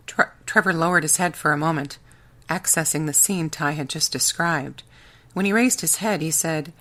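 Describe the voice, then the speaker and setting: Low-voiced woman narrating an audiobook. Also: lively intonation, normal speed, fairly bright tone. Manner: wry, sarcastic storytelling. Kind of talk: first-person audiobook narration.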